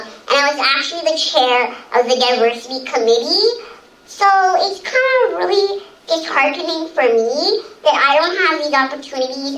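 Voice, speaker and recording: A woman giving a keynote speech as a story, animated, laughing often and acting out the voices of people she quotes. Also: high voice, slight background noise. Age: adult. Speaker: keynote speaker. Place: event hall before an audience. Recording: echoey hall, heard from far off.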